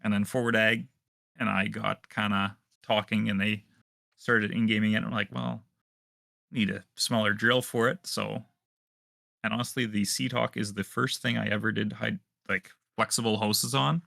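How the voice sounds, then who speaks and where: A man from Manitoba, Canada, answering interview questions as a guest modder in a relaxed way, with many pauses and fillers. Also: fairly low pitch, creaky, dry recording, clean studio sound.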